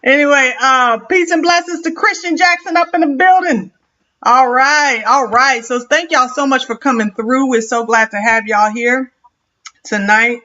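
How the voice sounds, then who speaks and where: A woman hosting a casual live stream, lively and greeting viewers one by one. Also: high-pitched, moderate pace. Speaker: host. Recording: dull lo-fi stream audio.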